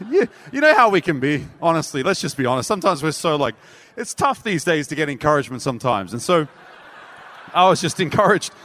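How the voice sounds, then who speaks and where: High-voiced male preacher in a hall. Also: fairly quick. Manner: animated, acts out voices in his story. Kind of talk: storytelling sermon. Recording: reverberant hall.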